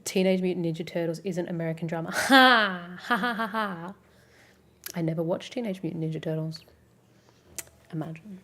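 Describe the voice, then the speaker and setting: Young Australian woman streamer, low voice, rambling and giggly, lots of fillers. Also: moderate pace, fairly bright tone. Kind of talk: casual chat with live chat.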